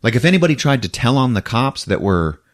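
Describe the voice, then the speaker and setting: A man hosting a casual podcast, recapping a film with a lively, animated storytelling manner. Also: medium pitch, quick pace. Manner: animated storyteller, laughing, acts out scenes. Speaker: podcast host. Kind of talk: casual movie recap chat.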